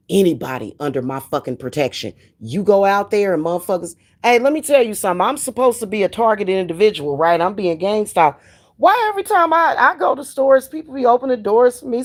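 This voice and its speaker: An older woman, ranting in a profane, animated, emphatic monologue as a spiritual practitioner. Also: medium pitch.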